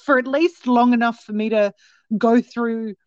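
A woman guest telling a story in a rambling, animated way, with many restarts. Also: a little high, normal speed, no echo. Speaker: guest recounting a sighting. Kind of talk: casual storytelling. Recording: dull, lo-fi, dry sound.

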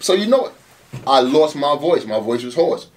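A man who runs a battle rap league, telling stories in a casual interview, animated and swearing often. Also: fairly high pitch, normal speed, distant mic. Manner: animated storytelling, frequent swearing and "you know what I'm saying".

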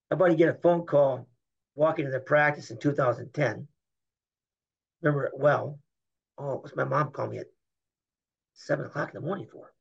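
A man's voice: fairly high pitch, gravelly, husky. A middle-aged man, a former Olympic wrestler, telling rambling, emphatic stories in an interview and acting out the dialogue. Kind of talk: candid storytelling interview. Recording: muffled lo-fi podcast audio.

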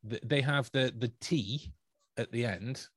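A man's voice: medium pitch, a little slow, fairly bright tone, slightly rough, no echo. Chatty man, dry close sound. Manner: chatty, rambling, with frequent restarts and laughs. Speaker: podcast co-host. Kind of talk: casual podcast chat.

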